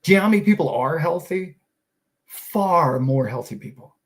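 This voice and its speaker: A man's voice: a little high, animated, moderate pace. A middle-aged man hosting a finance show, talking in an enthusiastic, preachy way full of rhetorical questions. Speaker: host of a finance and crypto show. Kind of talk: casual motivational talk.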